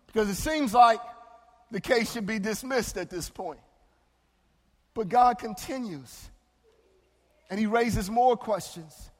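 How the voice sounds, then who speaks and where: A male pastor preaching a sermon, moving between loud, drawn-out exclamations and soft, hushed passages. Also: very high-pitched. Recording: long hall reverb.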